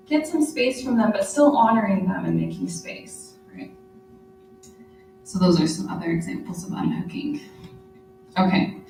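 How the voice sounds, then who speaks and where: A woman presents at a conference, explaining ideas in a loose, conversational way with frequent checks of "right?". Her voice sits at a middle pitch and reaches the mic from across an echoey room. Faint music plays underneath. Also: a little mellow, recorded from a distance. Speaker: therapist presenter. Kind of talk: conference lecture.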